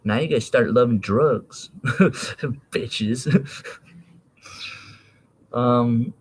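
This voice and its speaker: A man's voice: medium pitch, very slow, breathy edge. A man in his thirties rambling in a casual, profane monologue, laughing and jumping between topics.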